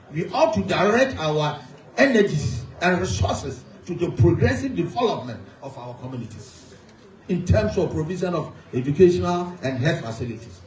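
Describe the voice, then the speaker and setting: A man with a Ghanaian accent, a traditional authority spokesman delivering a formal, emphatic press statement. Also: a little high. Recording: echoey room, mic at a distance.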